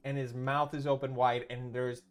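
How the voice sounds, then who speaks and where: A man's voice: medium pitch, little pitch movement, moderate pace, smooth. A man streaming, chatting casually and rambling through a story with many restarts and swearing.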